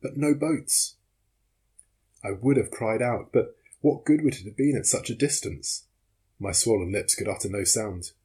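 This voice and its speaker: A man reading a classic adventure novel aloud in measured, dramatic first-person narration. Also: fairly low pitch, mellow, husky.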